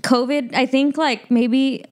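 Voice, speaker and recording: A woman's voice: sits high, steady tone, slow pace. A young woman, the guest's older sister, chatting on a podcast and leaning on lots of filler words. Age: young adult. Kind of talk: casual podcast chat.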